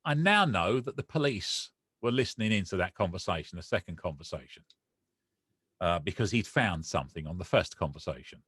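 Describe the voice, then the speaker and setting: A man's voice: deep voice, a little fast, slightly rough, no echo. Emotional man telling his story. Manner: emotional, animated retelling with quoted dialogue. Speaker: podcast guest. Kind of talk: personal storytelling interview.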